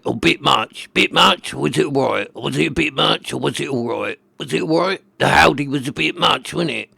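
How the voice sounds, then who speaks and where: A man putting on the voice of an eager, unsure male sidekick, loudly fishing for approval. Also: vocal fry, husky, dry recording, studio quality, full character voice. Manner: high, loud, fishing for approval.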